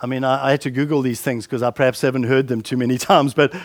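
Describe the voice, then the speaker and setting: A man's voice: medium pitch, fairly even intonation, fast talker, few pauses, no echo. A man preaching a conversational sermon, often repeating words and asking the listeners questions.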